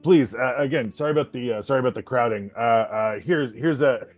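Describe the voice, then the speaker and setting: A man narrating as game master of a tabletop game, halting, with many fillers and frequent laughs. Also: mid-range voice, faint music behind.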